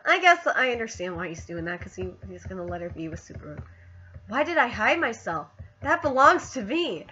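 A woman who is sick, streaming a casual live reaction and gushing excitedly as she reads along. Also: mid-range voice, fairly quick, husky, dull audio. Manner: gushing, excitable, squeals over scenes.

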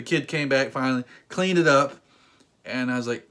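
Speaking at a normal speed with a medium-pitched voice, a man in his thirties relates a story on his casual vlog. Animated and joking, he rants playfully and imitates other voices.

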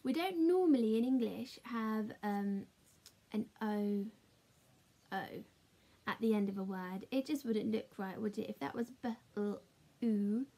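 A woman teaching a children's phonics lesson in a slow, sing-song, encouraging way, chatting with a puppet. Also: medium pitch, vocal fry, mellow. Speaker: primary school teacher.

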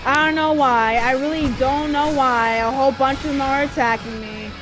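A woman giving frustrated live commentary while playing a video game, shouting orders and complaints at the character. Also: high voice, fairly even intonation, normal speed. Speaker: gameplay streamer. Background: game music.

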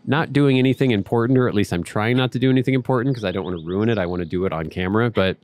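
A man's voice: fairly low pitch, racing, hardly any pauses, darkish tone. A man hosting a let's play, chatting casually through his gameplay and talking to the game characters and his viewers.

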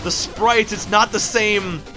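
A man giving casual gameplay commentary as a let's play host, excitable and laughing often, breaking off mid-sentence. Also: high voice, slow pace, over music.

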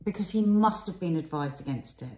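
Woman, middle-aged, opinionated film chat, lowish voice, roomy echo. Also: fairly quick. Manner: animated, opinionated. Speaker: co-host of film reaction channel. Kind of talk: casual chat.

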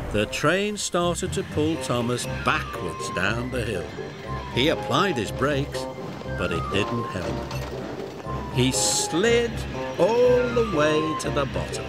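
A man narrating a children's story in a gentle, expressive way. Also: medium pitch.

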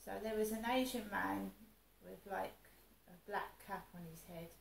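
A woman with a gravelly, creaky voice rambles through a personal story. She sounds upset and vents as she goes, often restarting her sentences. The room echoes around her, with a faint ambient hum behind. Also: mid-range voice, moderate pace. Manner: upset, venting, meandering with restarts. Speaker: vlogger.

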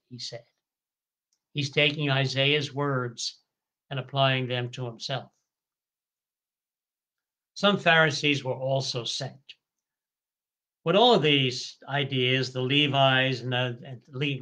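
Bright-voiced priest explaining scripture. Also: male voice, medium pitch. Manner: slow, deliberate explanation with stretched emphasis on key words; occasional stumbles and self-corrections. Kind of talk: scripture study lecture.

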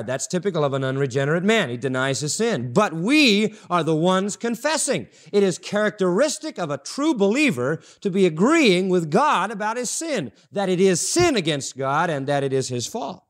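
A man with a notably high voice delivers a sermon from the pulpit. He preaches emphatically, driving points home by repeating short phrases. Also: sing-song, normal speed, hardly any pauses. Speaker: pastor. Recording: audio-only sermon recording.

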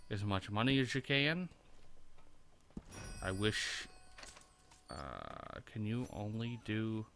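In this casual let's play, the host talks through his gameplay in a rambling, profane way, thinking out loud. He has a lowish, pushed, bright voice, and there's a little hiss or hum.

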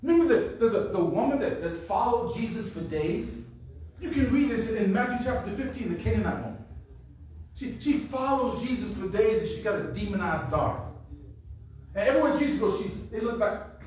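A man preaching at a revival, telling Bible stories in a lively, conversational way and acting out the voices of the people in them. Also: extremely high pitch, brisk, a little hiss or hum. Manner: animated storytelling with acted-out voices, says "man" often. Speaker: pastor. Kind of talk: revival sermon. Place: church sanctuary. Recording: echoey room from a distance.

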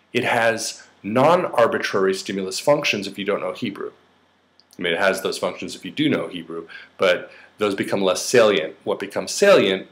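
A middle-aged man with a slight New York accent, explaining ideas in a casual lecture with frequent fillers and restarts. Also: fairly low pitch. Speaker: psychotherapist teaching a course.

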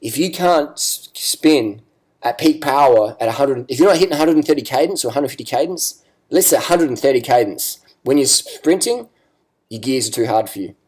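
A man's voice: medium pitch, animated, fairly quick, darkish tone, husky. A man ranting bluntly in a casual cycling vlog, swearing and repeating himself. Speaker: cycling vlogger. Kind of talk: ranting video commentary.

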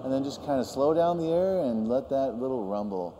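A male vocal coach guides a group through gentle warm-up exercises, cheering them on and singing quick notes to show the sound. His voice is mellow and dark. He is heard in a large echoing hall with a faint hum of room noise behind him. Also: medium pitch, expressive.

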